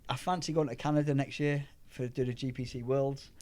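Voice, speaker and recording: A middle-aged Englishman chatting as an interview guest, his voice sitting at an ordinary middle pitch. He tells long, lively anecdotes, stumbling and restarting as he goes. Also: brisk. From England. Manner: rambling, animated anecdotes with restarts. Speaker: powerlifter guest. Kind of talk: casual storytelling chat.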